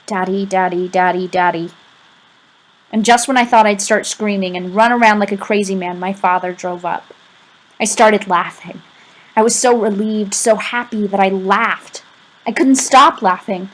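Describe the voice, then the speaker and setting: Rich: A woman narrating an audiobook in the first person with expressive, emotional storytelling. Her voice sits at a middle pitch, and she leans into the feeling of the scenes. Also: moderate pace, low-quality recording. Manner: expressive, emotional storytelling with pleading quoted lines.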